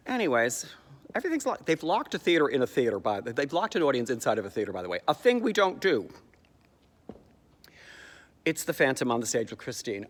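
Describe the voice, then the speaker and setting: A man giving a sarcastic comic recap of a stage musical's plot, jumping into high squeaky voices to mock the characters. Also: wildly swooping pitch, fast talker, long reverb tail. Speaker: comedic theatre commentator.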